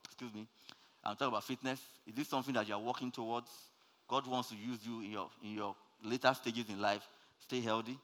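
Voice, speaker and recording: A man preaching a sermon with energy, swinging from loud, rising calls down to soft, low words. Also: fairly even intonation, fairly quick, in a large hall.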